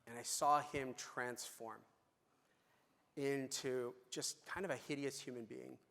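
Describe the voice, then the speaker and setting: A man's voice: medium pitch, steady tone, takes it slowly, vocal fry, a bit bright. A middle-aged man speaks at a conference in a medium voice, telling a story with loose, chatty fillers and restarts. The sound carries a long echo from the large hall around him. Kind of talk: conference keynote talk. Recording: reverberant hall.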